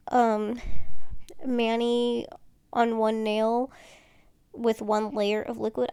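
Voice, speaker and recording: A woman's voice: on the high side, gravelly, dark tone, clean tone, no room sound, studio quality. A woman chatting casually through a nail tutorial, rambling and tired, with many fillers and restarts. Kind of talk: casual tutorial chat while doing nails.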